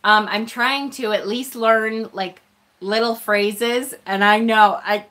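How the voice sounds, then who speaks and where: A woman with a slightly high, bright voice chats with her viewers on a live stream, taking her time over each thought. She pokes fun at herself and breaks into laughter often. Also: steady tone, takes it slowly. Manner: chatty, self-deprecating, laughs often. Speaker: live-stream host unboxing a tarot deck.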